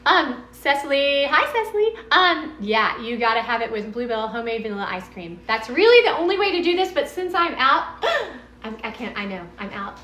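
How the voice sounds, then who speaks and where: A woman's voice: high voice, animated, moderate pace, bright, forceful tone, echoey room. A woman with a Texan accent chatting casually in her home kitchen during a live cooking stream, bubbly and meandering as she talks to viewers. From Texas.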